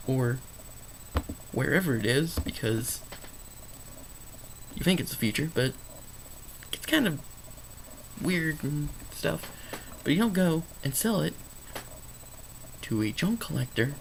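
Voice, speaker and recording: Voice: medium pitch, big pitch swings, slow pace, long pauses, slight background noise, poor audio. A vlogger rambling through an unscripted movie review, sarcastic and emphatic, often correcting themself mid-sentence. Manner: rambling, stream of consciousness, self-correcting.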